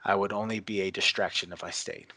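A cryptic priestess speaks gravely, read by a man. The pitch sits fairly low. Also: fairly even intonation, brisk, pushed and bright, no echo. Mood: solemn. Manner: solemn, grave lines. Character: woman priestess, cryptic and solemn.

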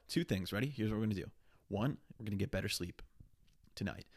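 A man's voice: fairly low pitch, expressive, fast, a little mellow, breathy edge. A young man hosting a solo podcast, talking in a rambling, profane, candid way. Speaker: podcast host. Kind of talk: casual solo podcast monologue.

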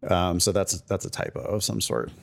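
A man co-hosts a casual podcast, talking in a loose, chatty way. He jokes and drops quick asides as he goes. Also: low-pitched, flat delivery, gravelly. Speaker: podcast co-host.

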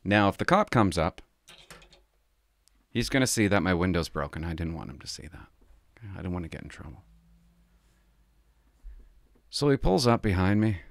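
A middle-aged man, a former police officer, telling a story from his work in a casual, animated way. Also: deep voice, moderate pace, gravelly, long pauses. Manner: animated, acts out the people he quotes.

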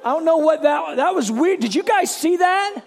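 A man's voice: extremely high pitch, animated, normal speed, vocal fry, some chatter behind, pitched above the performer's own voice, heavily acted. A man voicing a rattled adult male disciple who rambles in bewilderment.

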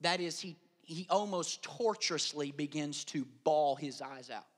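A man pastor delivering an animated sermon, dropping to hushed asides and rising to loud emphasis. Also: fairly high pitch, a little slow.

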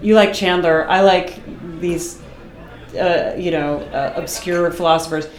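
A middle-aged Boston woman, an artist guesting on an interview, chats animatedly and laughs often. Her voice is on the low side, in an echoey room.

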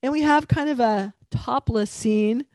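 A woman's voice: a little high, unhurried, darkish tone, no room sound. A married woman co-hosting a casual chat, thoughtfully agreeing and adding her own views on the episode. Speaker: podcast co-host.

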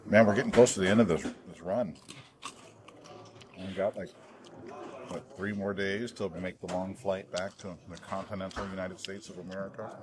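A man's voice: low-pitched, steady tone, normal speed, a crowd in the background. A man in his forties co-hosting a podcast, chatting casually at a restaurant table and joking as he gushes over the food. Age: 40s. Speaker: podcast co-host. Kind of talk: casual chat.

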